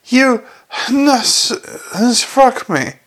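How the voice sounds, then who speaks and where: A self-important guild doctor speaks in clipped, formal tones, as a man reads him aloud. The voice sits a little high with a gravelly edge. It is an audiobook figure, stiff and superior. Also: animated, moderate pace. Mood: shrill outrage. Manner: haughty and formal, rising to shrill screams. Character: pompous, indignant male guild doctor.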